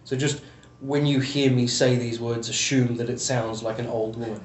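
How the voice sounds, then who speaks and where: A man's voice: mid-range voice, steady tone, moderate pace. A man running a tabletop game, talking loosely and rambling with jokes. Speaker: game master. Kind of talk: casual tabletop game narration. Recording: echoey room, distant mic, faint noise.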